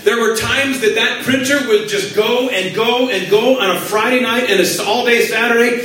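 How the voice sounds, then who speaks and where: A man preaching a sermon, telling a story with animated voices for his own prayers. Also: very high voice, normal speed, slight background noise. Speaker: pastor. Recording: echoey hall from far off.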